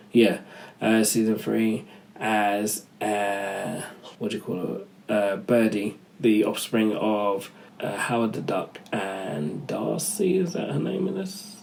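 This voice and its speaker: A man's voice: fairly low pitch, creaky, a little mellow, rough recording. A man giving a casual, rambling spoken film review, often losing his thread and correcting himself.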